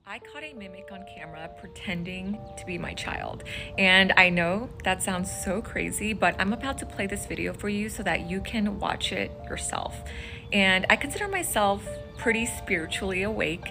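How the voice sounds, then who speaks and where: A woman's voice: medium pitch, lively intonation, normal speed, gravelly, music in the background. A mother earnestly telling about a strange video she recorded, explaining carefully. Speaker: mother sharing a personal video. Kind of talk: earnest storytelling to camera.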